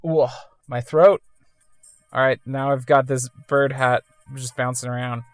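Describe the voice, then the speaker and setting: A woman's voice: very deep voice, fairly even intonation, measured pace, no echo, faint music behind. A woman casually commenting while playing a video game, chatty and self-amused. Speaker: let's-play gamer.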